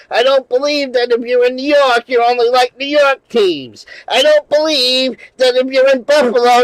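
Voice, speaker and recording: Profane rambling man with a high voice. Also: no echo, low-quality recording. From New England. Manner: rambling, profane, laughing often, with many restarts. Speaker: channel host. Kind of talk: casual storytelling livestream.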